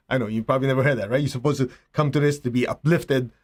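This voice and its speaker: Man giving a slow spiritual talk. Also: medium pitch, fairly even intonation. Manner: slow, reflective, with rhetorical asides. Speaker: spiritual teacher.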